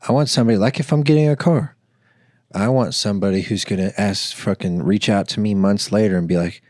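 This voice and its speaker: A young man on a podcast talks in a lowish, dry-sounding voice, blunt and crude, chiming in with short wry jokes. He sounds close to the mic with no room echo. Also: fairly quick, a little mellow. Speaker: podcast co-host. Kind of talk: casual chat.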